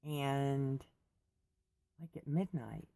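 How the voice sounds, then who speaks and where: A woman's voice: a bass voice, very slow, warm tone, no echo. A woman from the United States, chatting casually and rambling to her viewers in a vlog, laughing often. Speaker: vlogger. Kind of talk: casual chat to camera.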